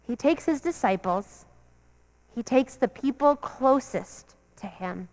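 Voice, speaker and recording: Woman, pastor, earnest repetitive sermon cadence, high voice, echoing sanctuary. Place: church sanctuary. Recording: long church reverb.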